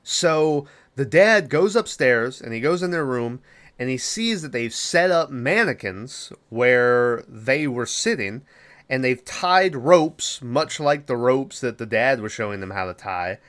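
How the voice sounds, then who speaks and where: A young man hosting a podcast, retelling a horror film's plot in a loose, profane way with quick quoted asides. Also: medium pitch, animated, a bit bright. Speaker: podcast host. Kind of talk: casual movie recap.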